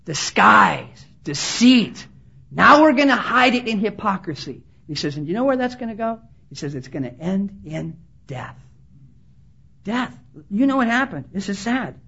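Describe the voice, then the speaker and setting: In a conference hall, a woman preacher gives an impassioned sermon in a medium-pitched, slightly bright voice with a breathy edge. She acts out quoted voices and urges her listeners to listen, captured on a dull, lo-fi sermon recording.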